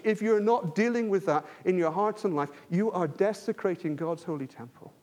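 A man's voice: high-pitched, a little mellow. A man preaching a sermon, earnest and emphatic, often repeating himself and restarting phrases.

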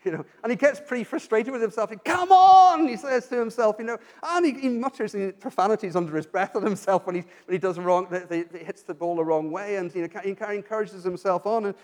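A male preacher with a fairly high voice delivers an earnest sermon. He asks rhetorical questions and doubles back on his words as he builds a point. His voice rings with the long reverb of a large hall. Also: fast, hardly any pauses.

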